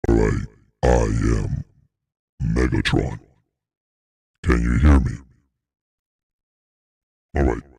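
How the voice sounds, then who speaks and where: A man using an electronic voice changer to play Optimus Prime, a deep booming robot leader, in a slow robotic drawl. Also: fairly even intonation, gravelly, warm tone, exaggerated voice. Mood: mock-grand. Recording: long ringing reverb.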